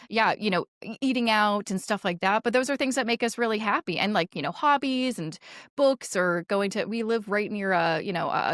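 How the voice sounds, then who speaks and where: A woman's voice: mid-range voice, a bit bright, no room sound, clean studio sound. Chatty woman financial advisor. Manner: chatty and affirming, telling stories in long runs. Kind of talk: casual conversation.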